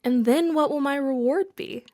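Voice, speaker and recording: A woman reading as a calm, smiling fisherman. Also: high-pitched, moderate pace, dry recording, clean studio sound, pitched above the performer's own voice, close to an everyday voice. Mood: serene.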